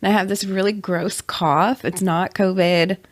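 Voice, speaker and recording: Woman, hoarse and raspy from a cold, chatty co-host, dry close sound. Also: medium pitch, fairly even intonation, a little slow, no echo. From North Carolina. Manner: chatty and upbeat, laughs often. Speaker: podcast co-host; mother. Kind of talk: casual chat.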